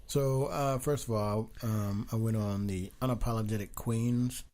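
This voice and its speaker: A man's voice: on the low side, steady tone, measured pace, warm tone. A man co-hosting a podcast in casual chat, easygoing and rambling, with plenty of fillers. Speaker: podcast co-host.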